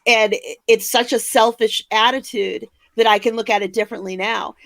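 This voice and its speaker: Speaking at normal speed with fairly even intonation, this older woman from the United States has a slightly high, gravelly voice and no room sound. As a podcast co-host, she's blunt, angry and emphatic in a passionate opinion chat.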